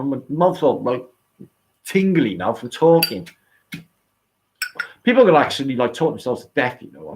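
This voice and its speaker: A man with a British accent hosting a casual livestream, rambling, swearing and thanking viewers by name. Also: medium pitch. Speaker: livestream host. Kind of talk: casual live-stream chat.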